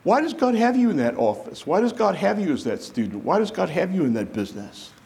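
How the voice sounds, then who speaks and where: A man preaching a sermon to a congregation, lively and conversational, acting out the voices of people he quotes. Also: high-pitched, brisk, gravelly. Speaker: pastor.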